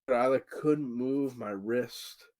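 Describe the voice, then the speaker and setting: A man's voice: mid-range voice, slow pace. A man telling a long injury story on a podcast, swearing freely and acting out what people said. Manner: animated, profane, acts out quotes. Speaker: podcast co-host. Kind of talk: casual storytelling chat.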